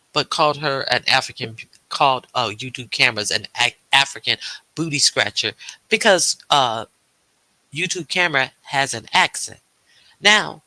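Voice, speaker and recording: A man hosts a casual livestream, rambling along with lots of fillers and restarts. He reads viewers' chat aloud and answers it. His voice is very bright and the recording is dry. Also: medium pitch, no echo, rough recording. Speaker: livestream host.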